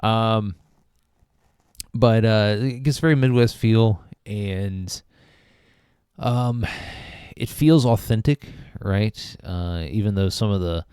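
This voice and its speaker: A man's voice: on the low side, slow, long pauses, a little mellow, clear, resonant tone, no room sound, clean studio sound. A man hosting a casual spoken film review, rambling with many fillers and restarts. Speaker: movie review host.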